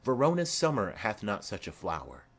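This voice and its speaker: A man's voice: fairly low pitch, wildly swooping pitch, gravelly, heavily acted. A man reading the part of a stately noblewoman speaking formally to her daughter in an audiobook of a play. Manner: formal, measured.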